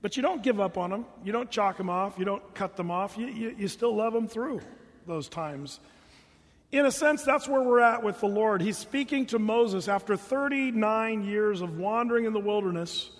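High-voiced folksy pastor preaching. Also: male voice, normal speed, in a large hall. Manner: earnest and folksy, talks straight to the congregation. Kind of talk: sermon.

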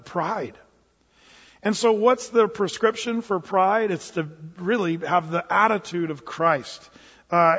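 A man's voice: high-pitched, fairly bright tone, breathy edge. A man preaching a sermon as pastor, talking conversationally with frequent restarts and fillers. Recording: echoey hall, dull muffled sound.

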